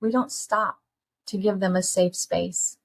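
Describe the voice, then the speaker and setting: Husky earnest woman with a lilt. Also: mid-range voice, measured pace. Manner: earnest, folksy, animated, with laughs and direct questions to the audience. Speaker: podcast host. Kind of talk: candid solo talk to listeners.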